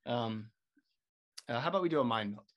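Podcast co-host: a laid-back man, mid-pitched voice, talks around his point. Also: fairly quick. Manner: relaxed, rambling, restarts sentences. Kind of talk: casual chat.

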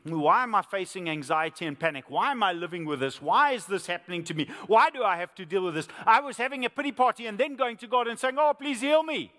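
A man preaching a sermon as pastor, swinging from hushed whispers to loud, impassioned appeals and repeating phrases for emphasis. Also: sits high, lively intonation, fast, hardly any pauses. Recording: long hall reverb, faint music behind.

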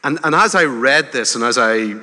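A man preaching a sermon in a conversational way, with gentle humor and rising emphasis. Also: mid-range voice, animated, normal speed. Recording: hall reverb.

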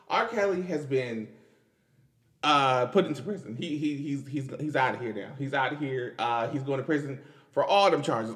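A man's voice: on the high side, animated, measured pace, a bit bright. A young man, hosting a casual podcast and commenting on news in a loose, chatty way with restarts and laughs. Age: 20s. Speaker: podcast host.

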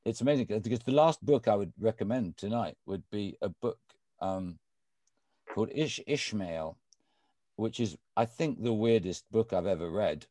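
A man speaking as guest at an evening talk, retelling a book with animated, halting storytelling. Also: lowish voice, no room sound. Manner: animated, restarts often.

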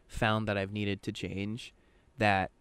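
A man with a low, smooth and resonant voice, chatting casually on a podcast. He rambles from point to point and swears freely. The sound is close and dry, with no room around it. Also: level tone, slow pace, fairly bright tone, dry recording. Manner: rambling, swears often, quotes others in his own voice. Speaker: podcast co-host.

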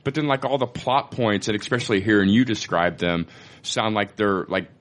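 Laid-back man with a low voice. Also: normal speed, fairly bright tone. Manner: laid-back, blunt, swears. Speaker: podcast co-host. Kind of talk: casual chat.

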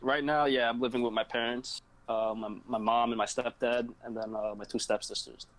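A young man talks easily as a guest in a casual chat. His voice sits at a middle pitch, and his stories come out relaxed, with small laughs along the way. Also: moderate pace, low-quality recording. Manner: easygoing, laughs while telling stories.

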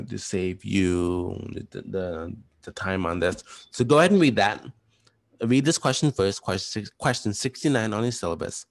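A man walking through study questions in a fast, rambling, casual way, with lots of restarts. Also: lowish voice. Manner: chatty, retells stories in slangy voices. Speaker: teacher. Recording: voice message.

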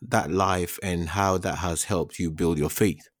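Interviewer, male, deep, gentle and reflective, dry recording. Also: steady tone, a little slow, dry recording. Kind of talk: faith interview.

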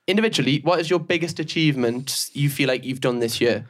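A man's voice: medium pitch, quick pace. A man hosting a podcast, playful in casual chat, his voice cracking upward now and then. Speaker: podcast host asking the questions. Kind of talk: casual banter.

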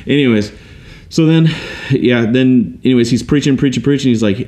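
A man telling a personal story in a casual, animated way, often restarting and acting out what people said. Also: medium pitch, normal speed. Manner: animated, quotes others in acted voices, restarts often.

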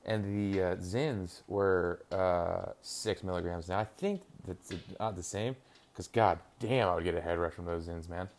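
A young man with a lowish voice rambles casually to his listeners. He swears freely, trails off often, and breaks off to react to the football on TV. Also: measured pace, darkish tone, a little hiss or hum. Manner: rambling, profane, reacting to a game on TV. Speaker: podcast host. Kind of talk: casual solo chat.

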